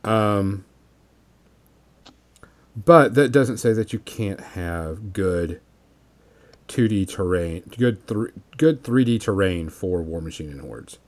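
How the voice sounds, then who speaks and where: Low-voiced man chatting about tabletop games. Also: expressive, takes it slowly, long pauses. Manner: explains with many fillers and restarts. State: has the hiccups. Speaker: podcast co-host. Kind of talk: casual hobby chat.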